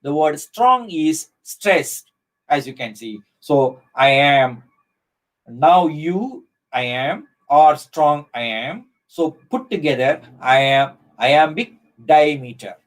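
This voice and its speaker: A middle-aged man with an Indian English accent giving a live online lecture, speaking slowly and deliberately with many fillers and restarts. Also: on the high side, lively intonation, rough recording.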